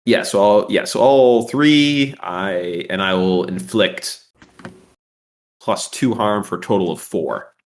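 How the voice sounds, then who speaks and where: A man taking his turn as a player in a tabletop role-playing game, thinking aloud and pausing often. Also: fairly low pitch. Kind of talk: casual tabletop play.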